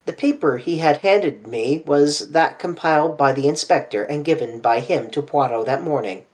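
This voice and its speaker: An audiobook narrator reading a classic mystery novel in a measured, expressive way. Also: mid-range voice.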